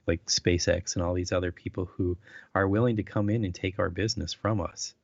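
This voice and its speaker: A man's voice: deep voice, vocal fry, darkish tone, no echo, highs cut off. A man co-hosting a casual architecture podcast, rambling and agreeable, with frequent stammers. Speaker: podcast co-host. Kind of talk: casual conversation.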